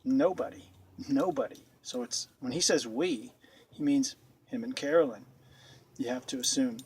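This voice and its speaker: A man's voice: medium pitch, moderate pace, a little mellow, breathy edge. A man commenting on a video with sarcastic, incredulous remarks, often repeating himself, recorded at home. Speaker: YouTube commentator.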